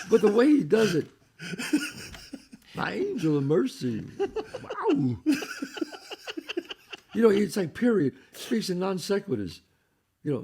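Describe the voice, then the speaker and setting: A man's voice: sits high, a little slow, pauses often, a little hiss or hum. An older man, an actor guest, telling stories in a casual chat, swearing freely. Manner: raspy, animated storyteller who swears freely.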